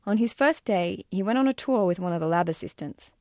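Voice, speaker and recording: A woman's voice: medium pitch, animated, brisk, darkish tone, no echo, studio quality. A woman reading aloud from her own memoir in a wry, self-deprecating way. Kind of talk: audiobook-style memoir reading.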